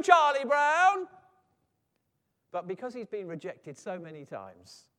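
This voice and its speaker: A man preaching a sermon in a lively way, sometimes acting out quoted voices. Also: medium pitch, long reverb tail. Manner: animated, acts out quoted voices.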